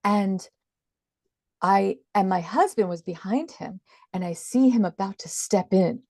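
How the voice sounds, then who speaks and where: A woman's voice: mid-range voice, moderate pace, mellow, no room sound, studio quality. A woman talking as an interview guest, explaining things earnestly and with emphasis. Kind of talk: conversational explaining.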